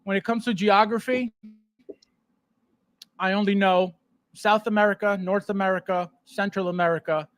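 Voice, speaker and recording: A man's voice: high voice, steady tone, moderate pace, long pauses, dry recording. A man hosting a casual livestream, greeting viewers by name and laughing often. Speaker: podcast host.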